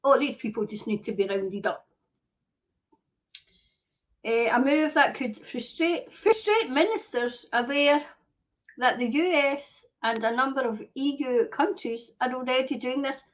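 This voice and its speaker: Woman host, high voice, reads headlines then rants and swears at them, dull lo-fi sound. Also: measured pace. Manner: swears often, angry outbursts, rhetorical questions. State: coughing. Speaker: host of a commentary show. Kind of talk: reading news aloud with angry commentary. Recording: dull lo-fi home recording.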